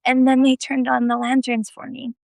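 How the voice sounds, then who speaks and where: Animated woman telling a story. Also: high-pitched, moderate pace, creaky, dry recording. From United States. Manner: animated, laughing, self-deprecating. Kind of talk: casual storytelling on a live video.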